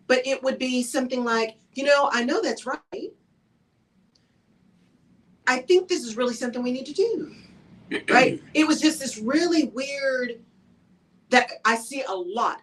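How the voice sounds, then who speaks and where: A woman hosting a live talk radio show, talking on her own in a conversational, animated way and often checking in with "right?". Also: mid-range voice, distant mic, rough recording. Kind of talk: solo talk radio monologue.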